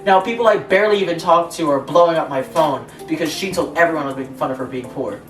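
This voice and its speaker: Young woman reading posts out loud, lowish voice, laughs a lot, echoey room kinda far from the mic. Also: fast talker, faint music behind. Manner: laughs often, reads aloud with sarcastic asides. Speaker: podcast co-host reading stories. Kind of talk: casual chat, reading posts aloud.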